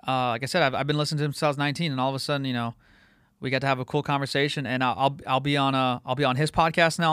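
A man's voice: mid-range voice, a bit bright, clean tone, no echo, studio quality. A man in his late twenties hosting a podcast, talking casually in a profane, rambling way with lots of fillers and restarts. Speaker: podcast host. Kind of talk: casual podcast intro monologue.

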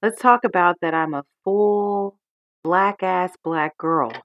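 A woman in her thirties, a podcast co-host, speaking crisply and emphatically in casual chat. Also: lowish voice, slow, dull audio. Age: 30s.

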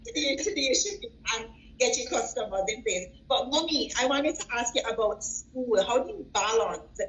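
A woman's voice: a little high, lively intonation, moderate pace, fairly bright tone, low-quality recording. A woman hosting an interview, asking questions in an enthusiastic and encouraging way. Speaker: interview host. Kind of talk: casual interview.

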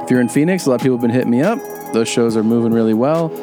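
A man's voice: medium pitch, racing, music in the background. A man co-hosting a podcast, joking loosely as he rattles off tour dates and reads ads. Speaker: podcast co-host. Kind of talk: casual chat and ad read.

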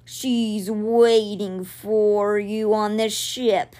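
A woman voicing a calm giant male cat in a storybook reading, speaking slowly. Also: mid-range voice. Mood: steady. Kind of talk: reading a children's novel aloud.

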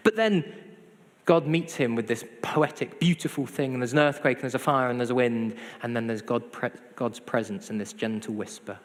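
A man's voice: mid-range voice, normal speed. A man preaching a sermon, conversational with self-deprecating humor. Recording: hall reverb.

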